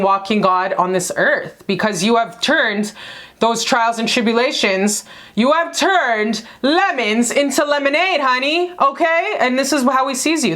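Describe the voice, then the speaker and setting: A woman's voice: on the high side, a bit bright. Effusive, foul-mouthed woman reading tarot. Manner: effusive, affectionate and profane, calls viewers baby and honey; emphatic repetition. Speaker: tarot card reader. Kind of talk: casual tarot reading to viewers.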